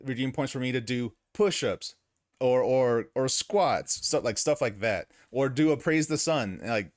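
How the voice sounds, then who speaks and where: A man's voice: medium pitch, lively intonation, measured pace, no room sound, studio quality. A man co-hosting a podcast in casual chat, stammering and teasing the others. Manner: stammering, teasing, laughs often. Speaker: podcast co-host and streamer.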